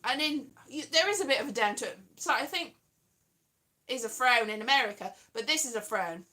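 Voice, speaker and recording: A woman's voice: on the high side, expressive, brisk, sharp tone. Whimsical woman singing her thoughts. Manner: whimsical, sings half her thoughts, playful wordplay. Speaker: vlogger. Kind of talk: rambling improvised chat and singing with guitar. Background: guitar playing.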